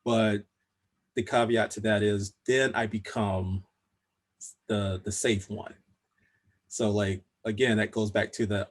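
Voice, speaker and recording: A fairly low, husky male voice with a plain General American accent. He is a panelist on a video call, telling his story in a relaxed, easygoing way with light laughs now and then. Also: measured pace. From Southern United States.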